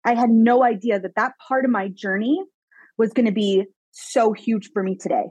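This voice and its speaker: A woman from Canada, a guest telling her life story in a podcast interview, animated and emphatic, with many casual "like" fillers. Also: on the high side, moderate pace, slightly rough, no room sound, low-quality recording. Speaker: guest, psychic medium mentor.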